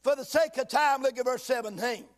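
A man pastor preaching a sermon, reading King James scripture slowly and breaking in with folksy asides, at times shouting for emphasis. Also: very high voice. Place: church sanctuary.

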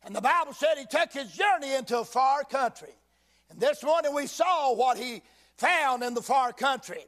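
A man pastor preaching a sermon, reading King James scripture slowly and breaking in with folksy asides, at times shouting for emphasis. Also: extremely high pitch, lively intonation. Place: church sanctuary.

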